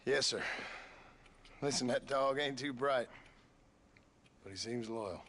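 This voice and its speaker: An actor playing a calm, terse frontier gunman in a western video game, speaking in a level, clipped way. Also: mid-range voice, slow pace, slight background noise.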